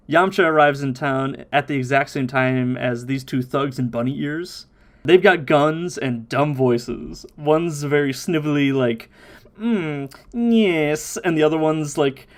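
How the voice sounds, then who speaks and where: A man hosting a casual podcast, recapping a cartoon episode in an animated way, laughing often and mimicking voices. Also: medium pitch. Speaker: podcast host.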